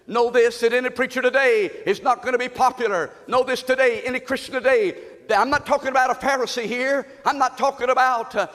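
Fiery preacher in a reverberant hall. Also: male voice. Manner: preaches with call-and-response, swinging from shouted highs to low intense tones. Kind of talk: fiery sermon. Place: church sanctuary.

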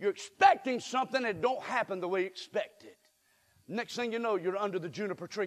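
A man preaching a sermon, calling out to the congregation and building up to shouts. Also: sits high, a little fast. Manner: call-and-response preaching, rising to shouts. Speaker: pastor. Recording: hall reverb.

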